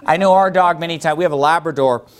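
A man preaching a sermon to a congregation, animated and emphatic, now and then growling to act out anger. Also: on the high side, fast. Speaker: pastor.

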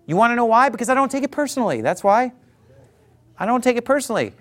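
Guy pastor preaching hard, high voice that jumps all over, mocks critics. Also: big pitch swings, quick pace, a bit bright. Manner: emphatic, preachy, mocking imitations of critics. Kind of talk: fiery sermon.

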